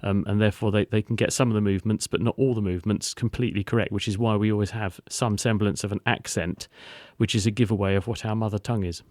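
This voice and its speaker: A man's voice: on the low side, steady tone, fast, darkish tone, no echo, studio quality. A man hosting a science podcast, explaining in a string of rhetorical questions and answers.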